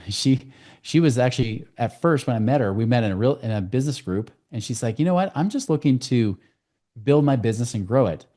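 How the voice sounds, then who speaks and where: A man speaking as a guest on a podcast interview, telling client stories in a quick, storytelling way. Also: mid-range voice, warm tone. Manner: fast, storytelling with client anecdotes. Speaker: guest, financial coach.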